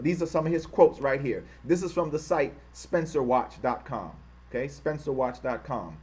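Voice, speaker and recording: This channel host has a slightly high, husky voice with a darkish tone. He reads quotes during heated commentary, insults his target angrily and repeats himself for emphasis, and mentions that he's trying to hold back his harsh speech.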